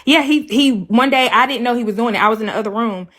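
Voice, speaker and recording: She talks fast in a slightly high, a bit bright voice, telling a livestream audience her version of a breakup. Casual and crude, she says things bluntly and hits the same points again and again.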